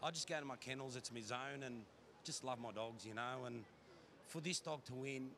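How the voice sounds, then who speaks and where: A greyhound trainer, emotional and rambling, interviewed outdoors at the racetrack just after a win. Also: male voice, mid-range voice, moderate pace, background noise. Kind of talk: emotional post-race interview.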